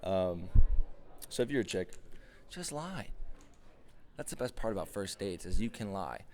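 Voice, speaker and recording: A man's voice: sits low, normal speed, a little mellow. A man in his twenties hosting a podcast, ranting casually with lots of swearing and rambling fillers. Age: 20s. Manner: profane, rambling, full of fillers. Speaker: podcast host. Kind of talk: casual comedic rant.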